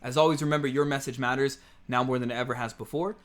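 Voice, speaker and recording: A man's voice: medium pitch, fairly even intonation, fast talker. A man coaching on content marketing, talking to camera in a conversational, emphatic way with frequent fillers. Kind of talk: casual teaching to camera.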